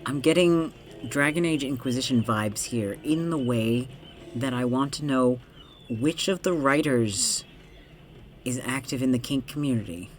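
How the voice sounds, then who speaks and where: A male streamer tears through a game with profane, joking asides and talks straight back at the screen. His voice sits at a middle pitch, close to a desk mic. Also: a little slow, slight background noise. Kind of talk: casual game commentary.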